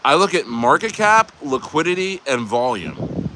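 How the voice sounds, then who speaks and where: A man's voice: on the high side, big pitch swings, a little slow, sharp tone, slight background noise. A man hosting a casual crypto livestream, bantering and joking loosely with viewers in the chat. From United States.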